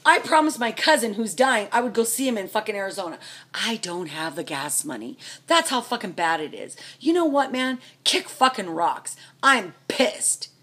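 A middle-aged American woman venting furiously to camera, swearing constantly and swinging between loud outbursts and low, seething mutters. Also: lively intonation, normal speed, slightly rough. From United States. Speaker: vlogger, trucker's wife. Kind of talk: angry venting rant to camera.

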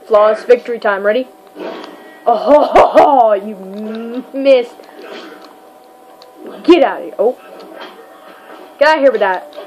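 A woman giving goofy, excitable commentary while playing a fighting game, yelping and crying out during the fights. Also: a little high, unhurried, pauses often, over music, poor audio. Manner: goofy, self-mocking. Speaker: gamer. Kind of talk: let's play commentary.

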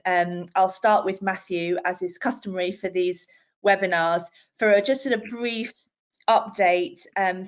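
Chatty woman hosting a webinar. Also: on the low side. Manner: friendly, conversational, with many ums. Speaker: webinar host. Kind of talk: moderating a business webinar.

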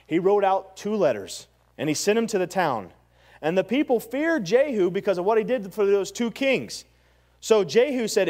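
Preaching from the pulpit, this man retells scripture in an animated, slangy way, often stammering and starting over. He speaks at a moderate pace in a high voice.

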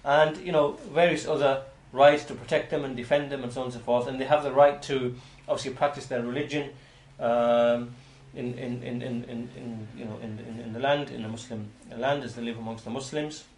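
A man giving an explanatory lecture on hadith as a religious teacher, talking in a halting way with frequent restarts and repeated words. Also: medium pitch, fairly even intonation, slight background noise. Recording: roomy echo.

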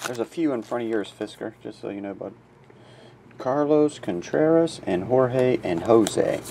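A man's voice: animated, unhurried, gravelly, very noisy. Sleepy man calling out card names. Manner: reads out names in a low murmur, chatty asides. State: sleepy, runny nose. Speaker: card breaker. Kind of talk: casual card-break narration.

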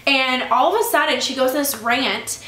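Young woman vlogger, chatty storyteller, bright and slightly high voice, echoey room. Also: moderate pace. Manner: chatty storytelling, annoyed ranting. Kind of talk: casual chat vlog.

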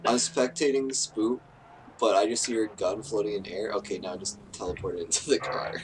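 A man's voice: lowish voice, steady tone, moderate pace, noisy background. A man casually chatting and joking with friends while playing an online game. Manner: laughing, teasing. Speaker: gaming host. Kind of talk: casual gaming chat with friends.

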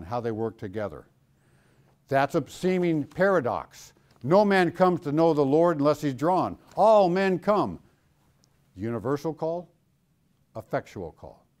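Man teaching an animated Bible class. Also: mid-range voice. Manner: animated, asks the class questions.

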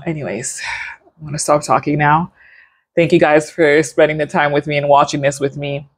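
A young woman speaks casually to her viewers as a reaction video host, rambling with plenty of fillers. She sounds openly emotional, and her voice sits a little low. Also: steady tone, normal speed.

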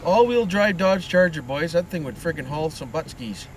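A man's voice: fairly high pitch, animated, normal speed. A man with an Ontario Canadian accent talks in a rambling driving vlog, tagging his lines with "it is" and "boys". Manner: rambling, tags lines with "it is", "boys", "friggin' right". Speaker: vlogger. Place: inside a van, driving with a window open. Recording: windy, from a distance in a car.

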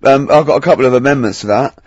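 A man's voice: mid-range voice, fast talker, darkish tone, husky, no echo, dull audio. A man co-hosting a comedy radio chat, laughing and teasing. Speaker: radio co-host.

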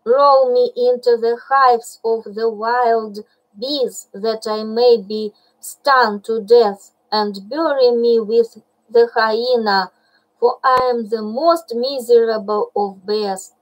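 A woman's voice: mid-range voice, steady tone, slow, darkish tone, natural voice, poor audio. Woman reading as Baloo, a despairing old bear. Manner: dramatic, wailing lament. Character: worried old male bear teacher, lamenting. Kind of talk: audiobook reading.

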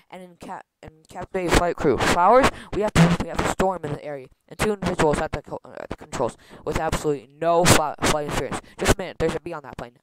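A man rushing through a comic read-through of a film script, stumbling over words and restarting lines. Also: a little high. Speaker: script reader. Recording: loud background noise with clicks.

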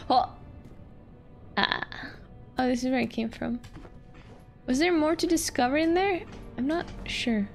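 A woman's voice: sits high, expressive, a little slow, gravelly, long pauses, soft background music. A woman streaming a game, joking and rambling casually over the gameplay.

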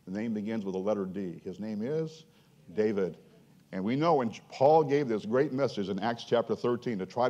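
Husky-voiced man preaching a sermon. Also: lowish voice, normal speed, muffled recording. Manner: earnest, animated preaching with many restarts and rising emphasis. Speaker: pastor.

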